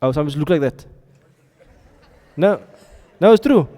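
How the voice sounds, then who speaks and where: A man's voice: fairly high pitch, lively intonation, unhurried, dark tone. A man teaching a classroom lesson, often stopping to ask his students questions and check they are following. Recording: reverberant hall sound.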